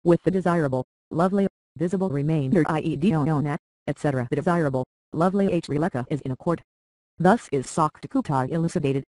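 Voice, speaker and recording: A voice reading a translated scripture aloud in a slow, even recitation, verse by verse, with Sanskrit terms. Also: medium pitch, no echo, poor audio.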